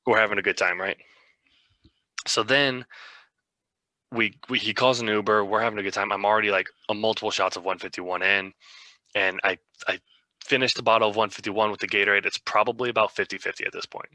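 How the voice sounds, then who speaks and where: A man's voice: fairly low pitch, steady tone, fairly quick, bright, forceful tone, no echo. A young man co-hosting a podcast, telling a rambling, self-mocking story in a casual way. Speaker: podcast co-host.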